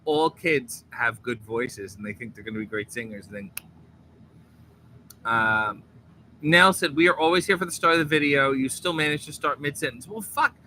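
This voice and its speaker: A man hosting a livestream in a hotel room, reading out viewer comments in casual chat with sardonic, deadpan asides. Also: medium pitch, normal speed, slight background noise. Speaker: livestream host.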